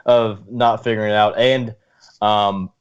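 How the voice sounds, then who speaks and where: A man's voice: fairly low pitch, little pitch movement, smooth, lo-fi sound. A man co-hosting a casual sports podcast, teasing his friends and giving opinionated takes. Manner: teasing, opinionated, quick to joke and laugh. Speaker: podcast co-host.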